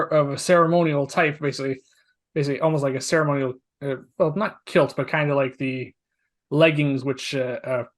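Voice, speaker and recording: A man narrating a tabletop game as game master, often rambling and restarting his sentences. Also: on the high side. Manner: rambling, with many restarts and hedging words.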